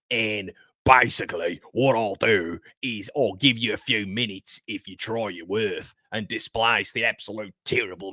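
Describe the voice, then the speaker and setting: Chatty deep-voiced man talking football. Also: a bit bright, dry recording, studio quality. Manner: chatty, emphatic, joking asides. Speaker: fan channel host. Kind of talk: casual football commentary to camera.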